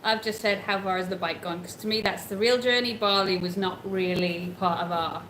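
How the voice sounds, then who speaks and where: A woman's voice: mid-range voice, fairly quick, slight background noise. Woman chatting easy on a travel livestream, room echo. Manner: relaxed, explaining plans. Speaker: travel vlogger on a live stream. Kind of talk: casual live chat.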